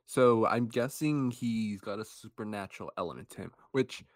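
A man with a fairly low voice co-hosting a movie podcast, recorded dry and close. He talks loosely, with fillers and easy chuckles, as he walks through the plot. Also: normal speed, no echo. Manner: relaxed, chuckling, uses many fillers. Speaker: podcast co-host. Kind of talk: casual movie review chat.

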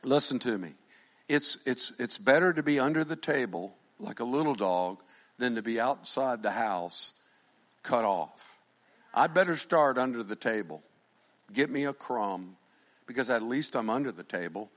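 A middle-aged male pastor preaching a sermon, animated, swinging from shouted lines to quiet asides and joking with the congregation. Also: mid-range voice, normal speed. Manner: jokes with the congregation.

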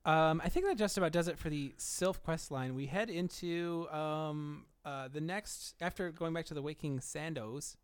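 Smooth, dry-voiced man co-hosting a podcast. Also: fairly high pitch, normal speed, few pauses, no room sound. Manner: playful, riffs into jokey bits. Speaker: podcast co-host. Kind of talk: casual chat.

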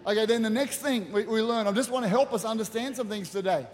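A man preaching a sermon as pastor, animated and acting out the voices in the stories he tells. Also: high-pitched, fast talker. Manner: animated, acts out quotes in the story. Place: church auditorium. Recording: long reverb of a large church hall.

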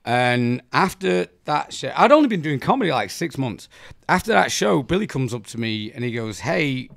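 An English man, a comedian, telling wild stories in casual podcast chat, profane and animated. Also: mid-range voice, normal speed, gravelly, no room sound, studio quality. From England. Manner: profane, animated storytelling with laughter. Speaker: comedian co-host.

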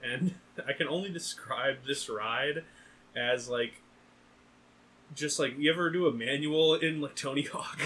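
A young man hosting a podcast, casually telling an animated story, acting out other people's lines and laughing often. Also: medium pitch, unhurried, poor audio. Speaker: podcast host.

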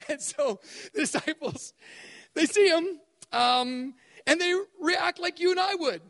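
A man preaching a sermon at a spiritual event, animated and acting out voices to make his points. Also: very high voice, slow, vocal fry, big-room sound. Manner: animated, acts out voices for effect. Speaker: speaker at spiritual emphasis days.

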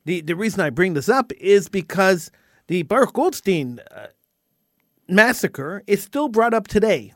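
A man with a high, lively voice holds forth on his talk radio show, indignant and stumbling over repeated words as he builds steam. The sound is dry and close, with no room around it. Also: measured pace, no echo. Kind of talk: impassioned talk radio monologue.

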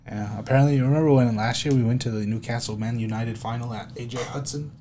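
A young man co-hosting a casual football podcast, trading crude banter and bursting into loud mock yells. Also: mid-range voice, steady tone, fast talker, over music. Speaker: podcast co-host. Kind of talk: casual chat.

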